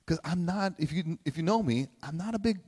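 A man's voice: on the high side, expressive, fairly quick, a little mellow, husky. A man preaching a conversational sermon, emotional and close to tears at times, who keeps asking "right?". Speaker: pastor. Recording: long hall reverb.

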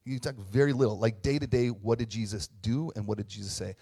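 A middle-aged man preaching a sermon in a conversational way, often checking in with a quick tag question and joking at his own expense. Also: on the low side, steady tone, mellow, slightly rough. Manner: conversational, tag questions, self-deprecating humor. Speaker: pastor.

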